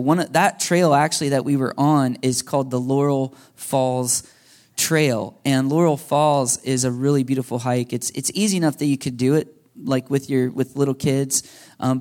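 Pastor in his thirties, male, casual storytelling sermon, chatty, mid-pitched, talks to the room. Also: darkish tone. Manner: casual, chatty, asks the audience questions. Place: church hall before a congregation.

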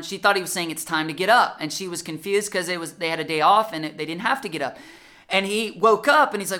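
A man preaching a sermon to his church, impassioned, stretching out key words, then shifting into lively storytelling with acted-out dialogue. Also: on the high side, quick pace. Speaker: pastor.

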